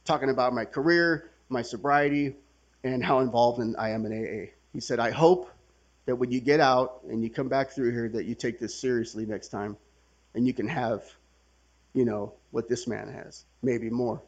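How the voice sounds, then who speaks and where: A man's voice: medium pitch, moderate pace, highs cut off. Man with a Californian accent, telling a personal story at a workshop, loose and chatty, swears and laughs through it. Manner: conversational, swearing, acts out quotes with laughs. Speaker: workshop speaker sharing his recovery story. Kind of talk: casual storytelling talk. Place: workshop gathering room.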